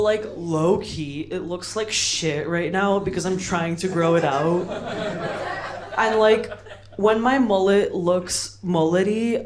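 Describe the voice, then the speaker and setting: A young American woman working a club stage at an open mic, drawling out a loose, self-mocking set packed with "like" and "bro". She takes her time between jokes. A live audience laughs loudly around her. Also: on the low side. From United States. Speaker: stand-up comedian. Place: comedy club stage, London.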